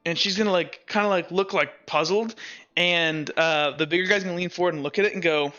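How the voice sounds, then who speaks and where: A man's voice: high voice, brisk, bright, forceful tone, lo-fi sound. A man narrating a tabletop game as game master, rambling with many fillers. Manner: rambling, filler-heavy, laughing.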